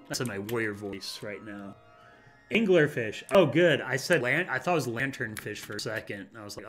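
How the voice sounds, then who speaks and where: A man's voice: fairly low pitch, normal speed, faint music behind. A man streaming a game and chatting casually from his home studio. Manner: chatty, animated. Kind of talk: casual chat while playing.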